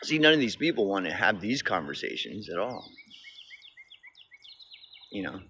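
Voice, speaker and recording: Vlogger: man from Oklahoma, bright and forceful voice, rambling cynical rant by a road. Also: on the low side, very animated, normal speed, lo-fi sound. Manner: rambling, cynical, profane, restarts often. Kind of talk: casual rant to camera. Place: outdoors beside a busy road. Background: passing traffic.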